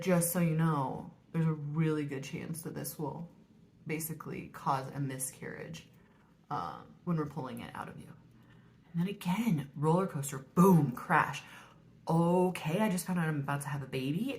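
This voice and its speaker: A woman in her thirties with a slightly low voice talks straight to the camera in a relaxed vlog. She is chatty and leans on fillers, and she slips into soft whispers whenever she quotes what she was thinking. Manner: chatty, frequent "like" and "um", drops to whispers when quoting herself. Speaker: vlogger. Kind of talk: casual storytelling vlog.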